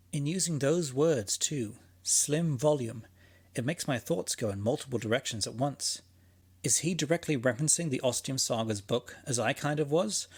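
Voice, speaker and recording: A man's voice: medium pitch, breathy edge. A man hosting and narrating a fiction podcast in a scripted, conversational monologue, musing aloud with a dry, sarcastic edge.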